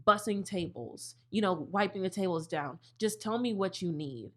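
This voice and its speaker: A woman's voice: medium pitch, lively intonation, moderate pace. A young woman co-hosting a casual podcast chat, candid and chatty, swearing freely. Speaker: podcast co-host, bartender.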